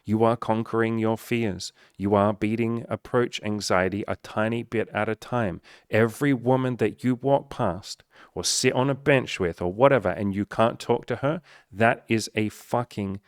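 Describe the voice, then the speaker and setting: A man's voice: on the low side, normal speed, no room sound, studio quality. Blunt, profane male dating coach. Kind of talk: motivational monologue.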